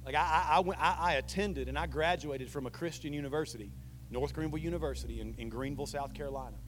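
Pastor guy preaching, tells stories big then goes real quiet, voice sits a bit high, faint hum behind. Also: fast, low-quality recording. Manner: animated storyteller, swings from loud to hushed. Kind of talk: sermon with personal storytelling.

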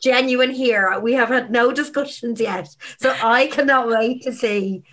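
A young woman co-hosting a podcast, reacting quickly and teasing her friend in casual chat. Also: a little high, a bit bright. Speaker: podcast co-host.

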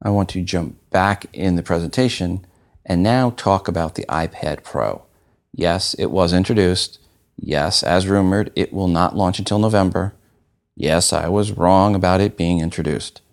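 Low gravelly guy doing his podcast, chatty and wry. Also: measured pace. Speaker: podcast host. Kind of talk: casual solo podcast talk.

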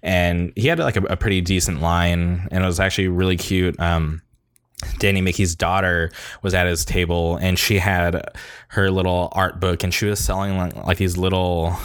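A man's voice: low-pitched, level tone, normal speed, no room sound, clean studio sound. A man hosting his own podcast, telling a rambling, upbeat story in a casual spoken monologue. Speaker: podcast host.

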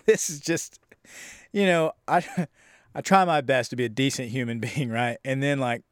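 A man's voice: mid-range voice, moderate pace, no room sound, clean studio sound. Rambling sarcastic man reviewing a film. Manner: rambling, profane, sarcastic, acts out quotes. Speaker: horror movie reviewer. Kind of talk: casual movie review.

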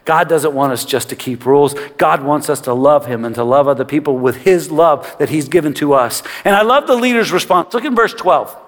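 A man's voice: fairly high pitch, fairly quick, hardly any pauses, in a large hall. A man pastor preaching a sermon, speaking earnestly and directly to his congregation.

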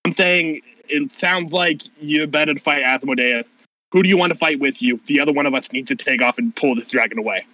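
A man voicing a brash warrior woman who swears constantly and barks orders fast. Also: on the high side, sharp tone, no echo, low-quality recording. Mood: frantic, bossy. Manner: profane, rapid-fire, exasperated.

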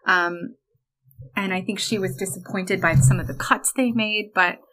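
A woman's voice: mid-range voice, fairly even intonation, fairly bright tone, poor audio. A woman co-hosting a podcast, talking casually and emphatically about an old musical film. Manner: chatty, emphatic, quick asides. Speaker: podcast co-host.

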